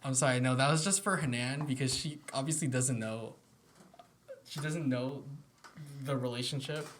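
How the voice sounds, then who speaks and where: A man's voice: medium pitch, normal speed, a bit bright, a little hiss or hum. A man hosting a podcast in casual chat, joking and playful. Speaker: podcast host.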